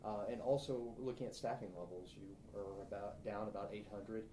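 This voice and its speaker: A man's voice: fairly low pitch, normal speed. Man asking questions in a roomy space. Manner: direct, probing questions. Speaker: TV news reporter. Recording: roomy with faint ambient noise.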